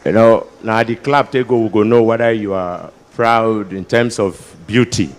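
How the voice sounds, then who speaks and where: A man's voice: lowish voice, steady tone, moderate pace. A man with a Nigerian Pidgin-inflected accent doing live stand-up banter as a comedian emcee at a ceremony, coaxing the crowd to applaud. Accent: Nigerian Pidgin-inflected English. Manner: jokey, switching into Pidgin, drawing applause.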